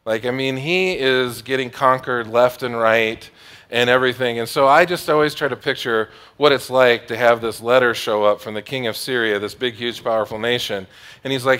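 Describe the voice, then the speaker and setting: A man's voice: medium pitch, steady tone, normal speed, a bit bright, clean tone. A man preaching a sermon, retelling a Bible story in a casual, joking way. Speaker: pastor.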